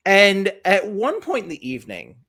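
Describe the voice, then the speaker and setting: A man co-hosting a podcast, telling a story in casual chat and acting out the people in it with loud voices. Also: high voice, moderate pace. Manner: animated storyteller, acts out quotes in loud voices. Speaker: podcast co-host.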